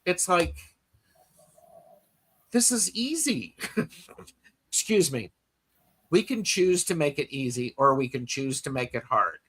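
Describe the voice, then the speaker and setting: A man's voice: medium pitch, a little slow, long pauses, a bit bright. A man hosting a podcast in casual chat, telling stories in a rambling way with many fillers and restarts. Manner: reads listener comments aloud. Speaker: podcast host.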